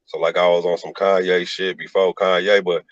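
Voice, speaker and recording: Very deep-voiced laid-back man. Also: level tone, normal speed, no room sound, dull audio. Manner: laid-back storytelling with many "like" fillers. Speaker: rapper and producer guest. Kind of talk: casual interview talk.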